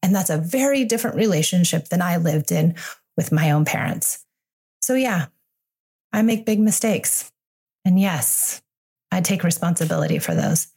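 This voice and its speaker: A woman in her forties speaking alone on her podcast as a parenting coach. Her voice sits a little low and she talks in a candid, confessional way, reassuring her listeners as she goes. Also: expressive, normal speed, darkish tone, breathy edge. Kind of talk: solo podcast monologue.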